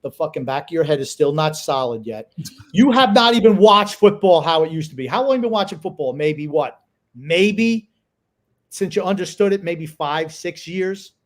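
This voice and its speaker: A man's voice: on the high side, lively intonation, normal speed. A man co-hosting a casual sports podcast, blunt and opinionated, swearing freely as he argues. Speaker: podcast co-host.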